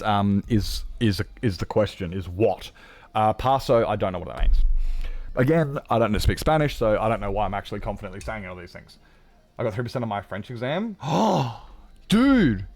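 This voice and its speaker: Rambling jokey man streaming. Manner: rambling and jokey, with sudden high excited greetings. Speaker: game streamer. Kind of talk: casual live-stream chat.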